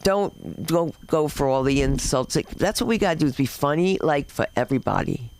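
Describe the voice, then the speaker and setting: A man hosts a comedy open mic from the stage, talking in loose, rambling patter before he hypes up the next act. His voice is smooth and resonant and sits a little high. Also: lively intonation, moderate pace, darkish tone. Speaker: comedy show host. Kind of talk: stand-up host patter.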